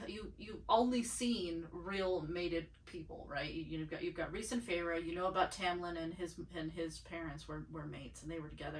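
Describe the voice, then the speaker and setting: A woman co-hosting a casual book club podcast, thinking out loud with lots of fillers and restarts. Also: lowish voice, far from the mic, rough recording. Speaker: podcast co-host.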